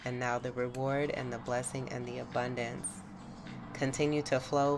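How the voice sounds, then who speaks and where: A woman's voice: extremely low pitch, flat delivery, moderate pace, slight background noise. A woman giving a spiritual tarot reading to her viewers, effusive, exclamatory and encouraging. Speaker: tarot reader. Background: music.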